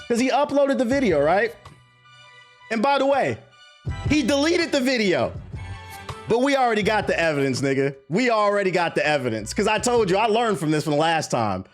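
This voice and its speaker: Slangy, high-voiced male streamer ranting. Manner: animated, slangy, profane rant. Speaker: streamer and content creator. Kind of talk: casual stream commentary.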